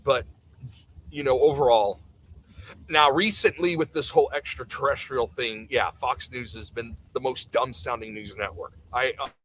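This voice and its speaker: A man's voice: medium pitch, normal speed, a bit bright, slight background noise, poor audio. A man ranting bluntly and sarcastically during casual livestream commentary. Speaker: streamer.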